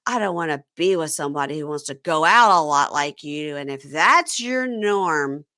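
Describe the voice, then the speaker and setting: List: woman, podcast host, casual chat, animated, lower-pitched, bright tone. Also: normal speed, no echo, studio quality. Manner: animated retelling with acted-out quotes.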